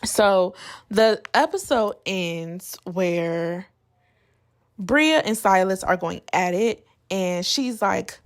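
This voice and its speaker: A woman's voice: fairly low pitch, a little slow, vocal fry. A woman vlogger giving a casual, opinionated recap of a reality show, chatty and blunt with plenty of slang.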